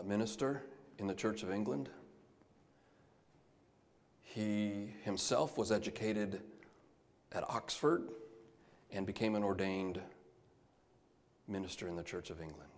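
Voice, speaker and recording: A man preaching a sermon, moving between soft, hushed lines and loud, emphatic calls. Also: on the low side. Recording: long hall reverb.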